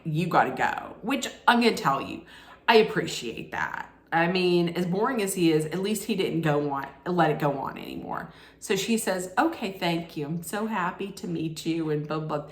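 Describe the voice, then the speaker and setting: A woman recapping a reality show in a casual, sarcastic way, laughing at her own jokes. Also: on the low side. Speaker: recap vlogger. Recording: echoey room.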